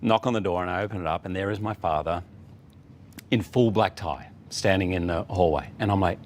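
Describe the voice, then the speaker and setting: A man's voice: low voice, slight background noise. A middle-aged man from Australia, telling stories as a guest in a casual TV interview. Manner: animated anecdotal storytelling with quick asides.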